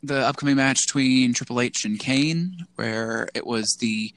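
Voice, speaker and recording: A man's voice: mid-range voice, unhurried, fairly bright tone. A man co-hosting a casual podcast, rambling with lots of "like" and restarts. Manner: rambling, full of "like" and restarts, acts out quotes in a goofy voice. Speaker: podcast co-host. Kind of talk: casual chat.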